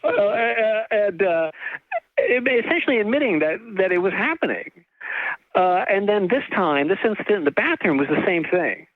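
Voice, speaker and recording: A middle-aged man from California, an author telling a long story in an interview, halting with many restarts and fillers, laughing now and then. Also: high-pitched, very animated, dry recording. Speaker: author and guest. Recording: tinny phone-like line.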